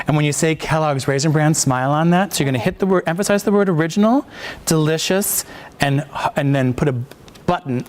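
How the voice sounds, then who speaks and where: A man teaching a voice-over class, coaching students with halting, encouraging talk and many restarts. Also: on the high side. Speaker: voice-over workshop instructor.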